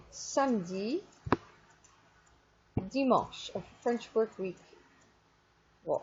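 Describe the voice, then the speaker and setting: A woman teaching French in a recorded online lesson. She explains step by step and says French examples slowly and clearly. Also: medium pitch, warm tone, slight background noise. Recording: dull lo-fi screen recording.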